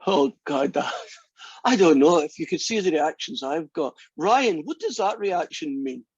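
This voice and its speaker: A man's voice: a little high, animated, unhurried, husky, dry recording, dull audio. A man lecturing a math class over a video call in a rambling, joking way. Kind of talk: casual online lecture.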